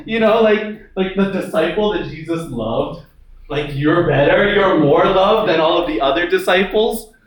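A man giving a casual, conversational sermon, often laughing, then dropping to a soft, intimate tone. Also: high voice, normal speed. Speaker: pastor. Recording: very echoey hall, from far off.

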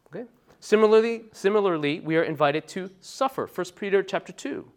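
Male pastor, sermon delivery, voice a bit on the high side, conversational asides, sudden loud emphatic bursts. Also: lively intonation, brisk. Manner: emphatic, conversational preaching with frequent "right?" asides.

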